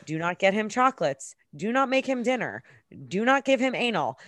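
A young adult woman co-hosting a casual podcast, telling stories in a blunt, profane, animated way. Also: medium pitch, moderate pace, dry recording. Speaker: podcast co-host.

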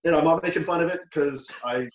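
A man's voice: a little high, fast talker, far from the mic. A Canadian man in his forties telling stories as a guest in a casual interview, rambling and correcting himself as he goes. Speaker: guest, former wrestler. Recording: roomy, off-mic sound.

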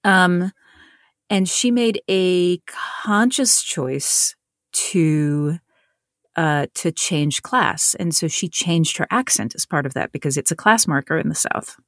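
A woman's voice: lowish voice, expressive, slow pace, fairly bright tone, no room sound, studio quality. A woman from North Carolina, an author and narrator, talking in an interview in a thoughtful way, often restarting and repeating words. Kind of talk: conversational interview.

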